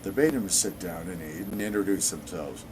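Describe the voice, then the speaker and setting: A man's voice: low voice, animated, normal speed, background noise. A man in his sixties reading an in-game book aloud on his gaming channel, dropping in sarcastic asides.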